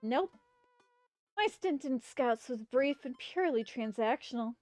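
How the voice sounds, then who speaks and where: Brief: sarcastic teen daughter in a game, voiced by a woman, wry, flat, close dry sound. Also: high voice, unhurried, dry recording, soft background music. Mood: deadpan. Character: sarcastic teenage girl, deadpan daughter.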